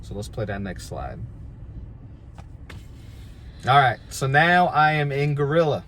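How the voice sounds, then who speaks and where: A man's voice: mid-range voice, big pitch swings, normal speed, very noisy. A man, a pro wrestler, casually telling a story about his career in a laid-back, self-deprecating, rambling way.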